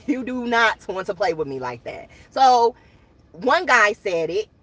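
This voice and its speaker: A woman's voice: medium pitch, sing-song, a little slow, a bit bright. A woman hosting her own channel, chatting casually and animatedly to viewers, laughing often. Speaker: channel host.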